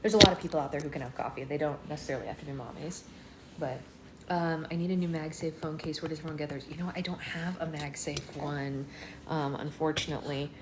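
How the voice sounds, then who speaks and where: A woman's voice: low voice, fairly even intonation, fast, background noise. Chatty woman hosting a livestream. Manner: chatty, reads viewer comments aloud, talks to her small child. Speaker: live book club host. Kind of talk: casual livestream chat.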